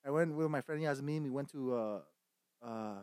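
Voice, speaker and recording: A man chatting casually while streaming a game, rambling and swearing, bursting now and then into loud shouted insults. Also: medium pitch, moderate pace, smooth, dry recording. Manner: profane, rambling, laughs at own jokes.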